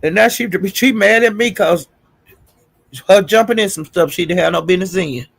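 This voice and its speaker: Male livestream host, gravelly, sassy gossip chat, dry close mic. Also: high-pitched, normal speed, fairly bright tone, no echo. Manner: gossipy, greets viewers in chat, calls them honey and child. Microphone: streaming setup.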